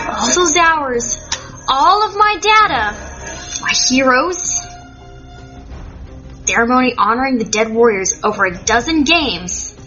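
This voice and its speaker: High-voiced woman reading dramatically. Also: lo-fi sound. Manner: dramatic, indignant, expressive. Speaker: audiobook reader. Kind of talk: first-person fan fiction narration.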